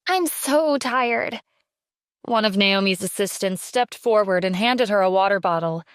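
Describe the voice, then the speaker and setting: A woman narrating a scripted audio drama with steady storytelling. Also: mid-range voice, moderate pace, smooth, no room sound, clean studio sound.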